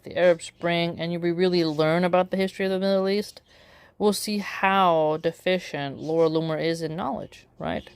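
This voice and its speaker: A woman's voice: sits low, darkish tone, clean tone, no echo. A woman giving casual spoken commentary in a sarcastic way, full of rhetorical questions. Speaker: political commentator.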